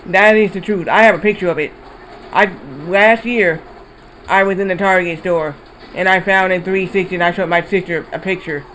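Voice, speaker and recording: A man's voice: high-pitched, moderate pace, a little hiss or hum, poor audio. A man streaming a video game, telling a rambling story with casual swearing. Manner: rambling, animated retelling with swearing. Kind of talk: casual storytelling while gaming.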